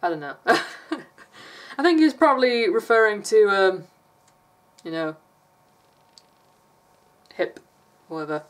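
Slow-talking English woman vlogger. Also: mid-range voice, big pitch swings. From England. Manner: chatty, rambling, laughs often. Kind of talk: casual vlog chat.

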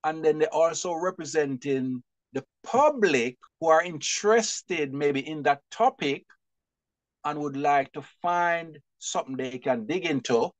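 A middle-aged man, a publisher and bookseller, telling stories in an animated, expressive way during an interview and often laughing. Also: a little high, measured pace, dry recording.

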